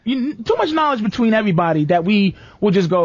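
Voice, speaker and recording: Man with a high, lively voice. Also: quick pace, dry recording, dull audio. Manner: animated storytelling with acted-out quotes. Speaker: radio show host. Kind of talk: loose comedic radio talk.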